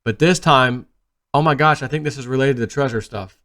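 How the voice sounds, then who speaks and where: A man hosting his own video channel, telling a personal story in a rambling, animated way that often trails off quietly. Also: medium pitch, a little fast. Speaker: video host. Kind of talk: casual storytelling monologue.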